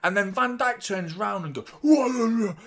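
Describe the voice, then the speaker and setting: A man hosting a live football watchalong, chatting casually with animated, sweary banter. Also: high voice, normal speed, gravelly. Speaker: host of a football fan watchalong.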